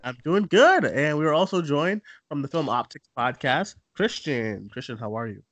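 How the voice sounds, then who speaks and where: A man's voice: on the high side, expressive, normal speed, fairly bright tone, no echo. A man hosting a movie news podcast in casual chat, joking and rambling between laughs. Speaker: podcast host.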